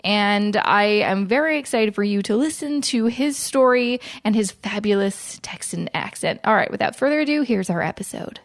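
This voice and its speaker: A woman's voice: mid-range voice, animated, dry recording, clean studio sound. A Canadian woman hosting a podcast interview, upbeat and chatty. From Vancouver, Canada. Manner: upbeat, chatty, quick to laugh. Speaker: podcast host. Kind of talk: casual interview chat.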